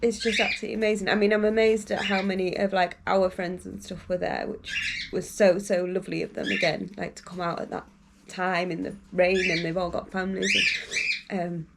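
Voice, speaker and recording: Low, flat-voiced woman vlogging. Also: brisk, creaky, background noise. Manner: rambling, full of fillers like um and like. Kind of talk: casual storytelling to camera.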